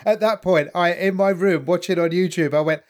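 A man's voice: high voice, a little fast. A man in casual podcast chat, joking and incredulous, with casual swearing. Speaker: podcast co-host.

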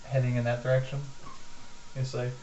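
A man's voice: mid-range voice, monotone, brisk, a little mellow, a little hiss or hum. A man playing a tabletop role-playing game, joking as he speaks in character as a scheming cultist. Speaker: player. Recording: roomy, distant, dull lo-fi sound.

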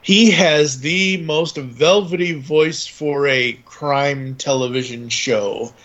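Brief: male podcast host, chatty and rambling, mid-pitched voice, somewhat muffled recording. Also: a bit bright. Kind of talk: casual podcast chat.

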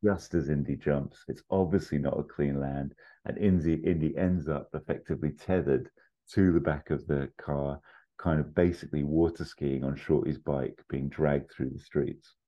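A man with an extremely low, dark voice casually walks through a film pitch as a podcast host. He rambles, with plenty of fillers and side jokes. The recording is slightly muffled and lo-fi. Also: steady tone, moderate pace. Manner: rambling, full of fillers and asides, chuckles at own jokes.

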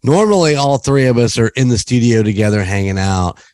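A man's voice: medium pitch, expressive, a little fast, a little mellow, no echo. A man hosting a podcast from home, chatting casually and rambling with frequent laughs. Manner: rambling, laughs often, restarts. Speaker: podcast host. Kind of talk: casual chat. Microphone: remote call setup.

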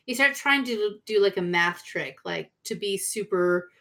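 A woman's voice: medium pitch, unhurried, vocal fry, crowd noise. Wry, foul-mouthed woman podcast co-host. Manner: wry, profane, jokey asides. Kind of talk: casual chat.

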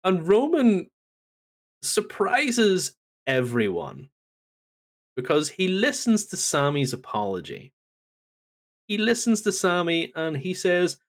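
Animated man recapping wrestling. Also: high-pitched, slow pace, pauses often. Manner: animated storytelling, acts out quotes. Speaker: podcast co-host. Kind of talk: casual wrestling recap chat.

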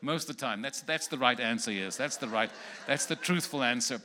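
A man's voice: mid-range voice, brisk, hardly any pauses, sharp tone. A man preaching as a guest in a church, giving prophetic words to people in the congregation one by one and joking with them.

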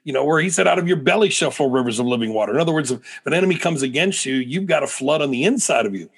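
A man's voice: on the high side, animated, rapid-fire, creaky, husky. A middle-aged American man, a preacher and guest, telling stories animatedly in a podcast interview with frequent restarts. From United States.

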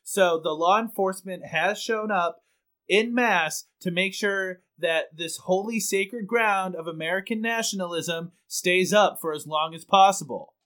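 A man's voice: sits high, a little slow, fairly bright tone. A man playing an earnest on-scene news correspondent in a comedy improv bit, with a mock-serious delivery.

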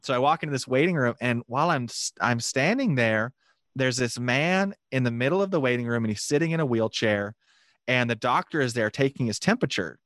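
An animated man recounting a personal story at a quick clip, his voice mid-pitched and plain. The sound is dry and close, with no room around it. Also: no room sound. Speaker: guest telling a mission story. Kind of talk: casual storytelling testimony.

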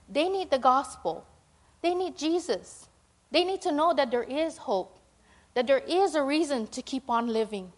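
High-pitched woman, middle-aged, school principal type, loose and conversational church presentation. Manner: conversational, rambling, with many fillers and tag questions.

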